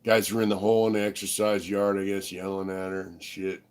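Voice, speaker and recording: A middle-aged man with a fairly low voice spins loose, profane stories full of fillers. He talks in an easy, laid-back way as a livestream co-host. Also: flat delivery, fairly quick, clear, resonant tone. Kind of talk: casual storytelling chat.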